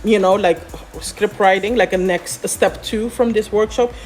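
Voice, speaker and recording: A woman scriptwriter explaining how to write a script in a relaxed, chatty way, often pausing on "um" and "you know". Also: mid-range voice, soft background music. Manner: chatty, many fillers, explains step by step. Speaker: scriptwriter guest. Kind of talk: explaining scriptwriting in a casual chat.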